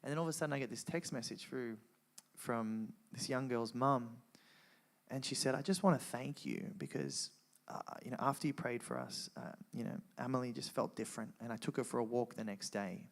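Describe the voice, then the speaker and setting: A man telling an emotional personal testimony to a live audience, earnest and animated, with frequent restarts. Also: mid-range voice, a little fast. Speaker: guest speaker sharing testimony.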